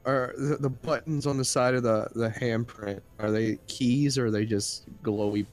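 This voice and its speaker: A man's voice: medium pitch, steady tone, moderate pace, darkish tone. Playful man, faint music behind. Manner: playful, hesitant, stumbling over ideas. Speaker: player. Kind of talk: tabletop role-play chat.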